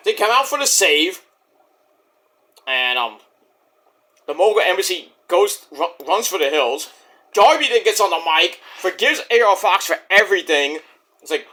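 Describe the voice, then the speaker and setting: Man, casual vlog review, high-ish voice, lively pitch, rambling with fillers, profane. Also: moderate pace. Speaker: wrestling show reviewer.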